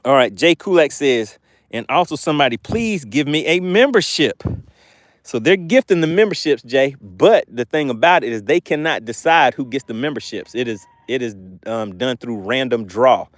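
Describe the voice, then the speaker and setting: A man's voice: mid-range voice, animated, normal speed, dry recording, studio quality. A man hosting a live fishing stream from a boat, chatting casually and laughing as he reads viewer comments aloud. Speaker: fishing channel host.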